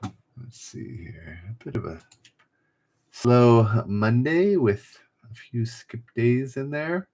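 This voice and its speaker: A man's voice: medium pitch, takes it slowly, a little mellow. A man hosting a casual trivia livestream, reading each clue twice and joking with the chat. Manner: chatty, reads clues twice, jokes with chat.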